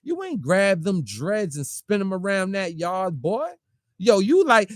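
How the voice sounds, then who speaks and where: A man rants in confrontational street talk, hammering his target with rapid rhetorical questions and mocking quoted voices. His pitch swings widely and sits a little high. The sound is dry and close, with no room around it. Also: big pitch swings, dry recording. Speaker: online commentator. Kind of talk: heated street-talk rant.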